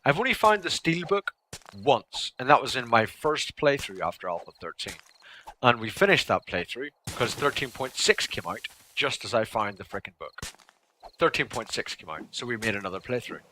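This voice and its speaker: A man casually chatting and joking while livestreaming a survival game, rambling between low mutters and loud exclamations. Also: sing-song, moderate pace, a little hiss or hum. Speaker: gaming livestreamer. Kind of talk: casual let's-play commentary.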